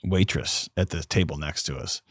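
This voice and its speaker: A man's voice: a bass voice, normal speed, no room sound, clean studio sound. A man, a podcast guest telling personal stories and acting out the voices of the people in them. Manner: animated storyteller, acts out quoted voices. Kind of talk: storytelling conversation.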